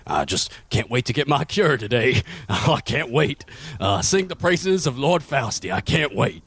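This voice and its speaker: A man's voice: medium pitch, sing-song, measured pace, fairly bright tone, husky, no echo, pitched above the performer's own voice, exaggerated voice. A man voicing a burly older prisoner who talks in a friendly, folksy way. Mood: nervous. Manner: folksy, conspiratorial.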